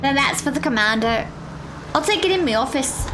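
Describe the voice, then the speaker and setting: A woman's voice: high voice, expressive, a little fast, background noise, pitched above the performer's own voice. A woman voicing a proud, combat-hungry male military commander with a vague made-up British-Australian accent, over background music. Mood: curt.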